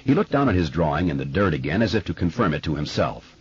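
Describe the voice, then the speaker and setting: A man narrating an audiobook in a measured, expressive way, recorded in a studio. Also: low voice, breathy edge, dull audio. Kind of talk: scripted narration.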